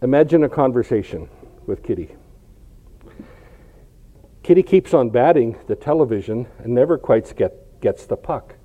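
A man's voice: mid-range voice, animated, normal speed, pauses often, warm tone. A man preaching a sermon in a conversational, storytelling way, often checking in with "right?". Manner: conversational, illustrative storytelling with rhetorical questions. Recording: dull lo-fi recording.

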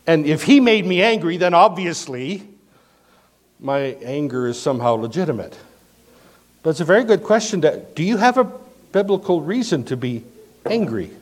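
Pitched on the high side, this man preaches as a pastor, posing rhetorical questions to his congregation. His delivery swings from forceful statements to hushed asides.

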